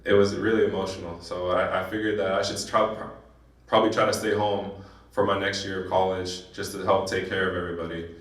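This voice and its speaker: A young man from San Diego giving an emotional personal speech at a banquet, telling his story in halting bursts with restarts. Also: low voice, level tone, fairly bright tone. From San Diego, California. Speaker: guest speaker. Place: banquet hall. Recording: echoey hall, voice from a distance.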